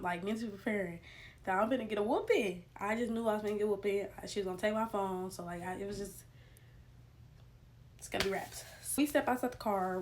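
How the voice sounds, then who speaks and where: Animated young woman telling a story. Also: medium pitch. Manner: animated, slangy, addresses viewers as y'all. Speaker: storytime vlogger. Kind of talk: casual storytelling to camera.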